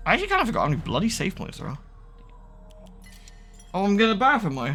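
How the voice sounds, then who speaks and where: Chatty man, slightly high voice. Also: big pitch swings, very fast, fairly bright tone, faint music behind. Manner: rambling, chatty, cooing baby-talk to his cat. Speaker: gaming streamer. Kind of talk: casual let's-play commentary.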